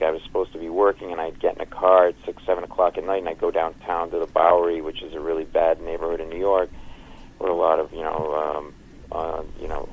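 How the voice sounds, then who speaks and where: A man's voice: sits low, narrow, tinny audio. A man in his fifties, a comedian, telling stories in an interview and acting out the voices of people in them. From Providence, Rhode Island. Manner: fast anecdotal storytelling with acted-out quotes and laughs. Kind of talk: animated storytelling interview.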